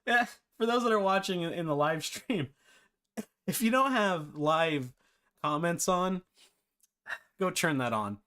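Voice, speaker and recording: A man's voice: on the high side, expressive, a little slow, pauses often, sharp tone. A man hosting a live-streamed game development tutorial, chatty and self-deprecating, often breaking into laughter.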